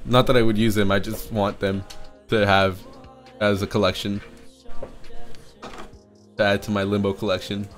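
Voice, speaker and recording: A young man rambling in a casual live stream chat, excitable and swearing, often breaking into laughs and going off on tangents. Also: on the low side, moderate pace, pauses often. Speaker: streamer reacting to a music EP. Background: faint music playing.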